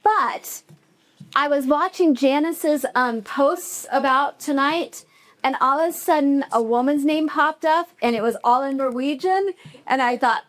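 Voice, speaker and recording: A woman hosting a live cafe storytelling night, her voice notably high. She talks casually to the room, chatty and informal, thinking aloud as she goes. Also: unhurried. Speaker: event host. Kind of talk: live event hosting remarks. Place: cafe event before a live audience.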